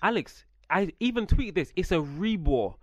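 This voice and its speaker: A young man, chatting on a podcast, lively and slangy. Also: high-pitched, normal speed, no room sound. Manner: lively, slangy, laughs at his own jokes. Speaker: podcast co-host. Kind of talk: casual chat.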